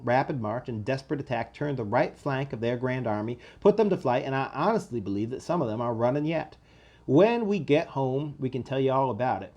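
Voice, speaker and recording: A man's voice: mid-range voice, a little mellow. A man voicing a proud young Southern soldier reading his letter home, with a put-on American Southern accent and a boastful, spirited delivery.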